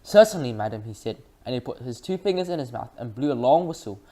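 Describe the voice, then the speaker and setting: A reader narrating a children's book aloud in a lively way, with frequent slips and restarts. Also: medium pitch, fast talker.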